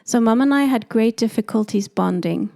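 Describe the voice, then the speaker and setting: A woman's voice: on the high side, moderate pace, gravelly. South African woman telling her story. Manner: animated, acts out quoted voices. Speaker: doula, podcast guest. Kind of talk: storytelling interview.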